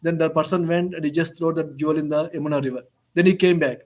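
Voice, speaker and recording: High-voiced man giving a storytelling lecture. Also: fairly even intonation, fast, darkish tone. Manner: frequent "you know" fillers, retells stories with quoted dialogue; non-native English phrasing. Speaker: lecturer on the Bhagavad-gita.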